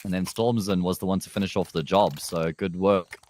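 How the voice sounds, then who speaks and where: A man casting a live esports match, analytical and jokey, with sudden upward jumps in pitch when the play gets exciting. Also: brisk. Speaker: esports commentator. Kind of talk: live game commentary. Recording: faint background noise.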